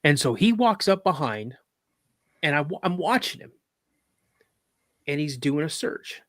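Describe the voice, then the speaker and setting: A man, a podcast guest, telling a story in a casual, animated way with acted quotes. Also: fairly high pitch, a little slow, no room sound, studio quality. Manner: rambling with restarts.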